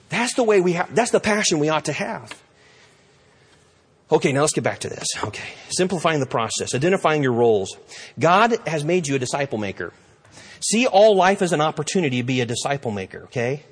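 A middle-aged male pastor preaches with pleading passion, stopping to act out little scenes. His voice sits fairly high and has a husky edge. A long reverb trails his words, as in a large church hall. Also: very animated, fast talker. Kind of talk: sermon.

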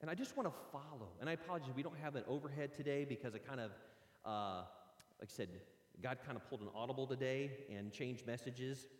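A man preaching a sermon, telling the story with lively acted-out voices. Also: mid-range voice, fast talker. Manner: animated storytelling, acting out voices. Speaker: pastor. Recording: echoey hall with long reverb.

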